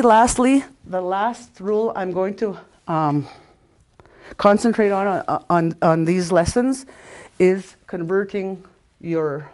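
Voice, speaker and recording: Older woman, low voice, informal language teacher, halting delivery with many restarts, repeats syllables slowly. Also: a little mellow. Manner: halting, loses her place and restarts often.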